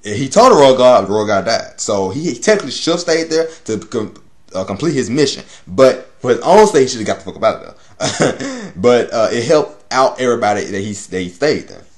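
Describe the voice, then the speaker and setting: A man's voice: mid-range voice, big pitch swings, a little fast. A man giving a casual, rambling anime episode review, swearing and laughing often.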